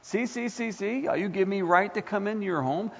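A man's voice: sits high, moderate pace, creaky, a bit bright, pitched above the performer's own voice, heavily acted. A man voicing a taunting male devil who mocks and goads in repeated jabs, heard in an echoey hall on a dull lo-fi recording. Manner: mocking, repetitive taunting.

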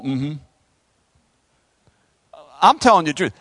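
A man's voice: high voice, very animated, a little slow, pauses often, a bit bright, no room sound. A man preaching a fervent sermon, calling out to the congregation and swinging his delivery up and down. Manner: fervent call-and-response preaching, rising and falling.

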